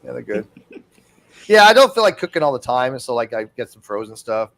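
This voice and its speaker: A man hosting a casual livestream panel chat, animated, swearing casually and stammering through fillers. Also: mid-range voice, a little fast. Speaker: livestream host.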